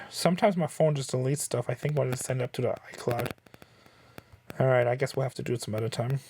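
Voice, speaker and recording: A man's voice: mid-range voice, a little hiss or hum. A man from Southern California who hosts a reselling channel, talking in a chatty, rambling, wry way. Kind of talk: casual vlog chat.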